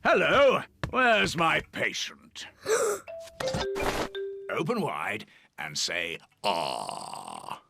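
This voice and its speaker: A man voicing a kindly, calm bear doctor in a children's cartoon, reassuring in manner. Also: a little high, extremely slow, creaky, long pauses, over music, heavily acted. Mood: cheery.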